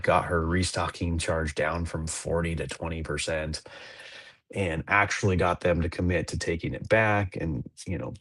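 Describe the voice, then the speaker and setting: Low, rambling man chatting casually. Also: no echo. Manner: rambling, laid-back, many fillers and restarts. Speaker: podcast co-host. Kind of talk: casual chat.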